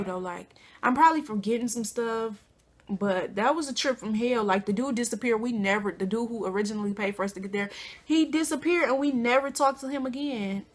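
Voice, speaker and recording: A young woman vlogger telling a casual storytime, animated and slangy, acting out quotes with big jumps in pitch. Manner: informal slangy speech.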